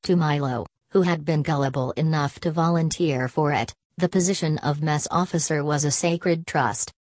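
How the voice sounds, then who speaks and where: A woman narrating a novel as an audiobook, in an even, measured reading. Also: deep voice, dry recording.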